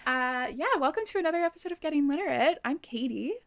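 A woman's voice: high-pitched, animated, fast. A young woman co-hosting a podcast in casual chat, laughing and swearing as she talks. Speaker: podcast co-host.

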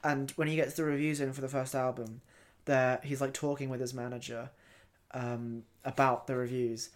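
A podcast co-host, chatting casually about a film in a relaxed, sometimes halting way. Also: medium pitch. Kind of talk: casual film-review chat.

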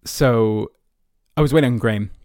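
Recorded dry with clean studio sound, the young Irish host, in his early twenties, speaks in a mid-range, slightly mellow voice at normal speed. He chats casually through personal anecdotes, rambling and leaning on fillers such as "like" and "you know."

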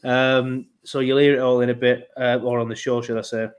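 A man's voice: mid-range voice, level tone, fairly quick, clear, resonant tone. A man hosting a football podcast, talking casually and rambling with plenty of fillers. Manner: chatty, rambling, lots of fillers. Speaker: podcast host.

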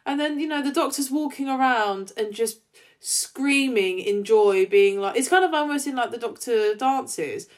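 Woman, podcast co-host, casual fan chat, fairly high pitch, animated, chatty. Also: a little slow. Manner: animated retelling, acting out quoted lines; chatty with many fillers.

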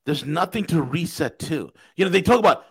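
Man, podcast co-host, high lively voice, mocking, ranting. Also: fairly quick, husky, rough recording. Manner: animated, mocking, puts on comic accents. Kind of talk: casual political chat.

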